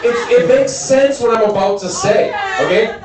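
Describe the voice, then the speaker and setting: A man in casual raunchy banter, excitable and laughing, often restarting his sentences. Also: extremely high pitch, normal speed, heavy background noise. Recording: echoey room, distant mic, crowd behind.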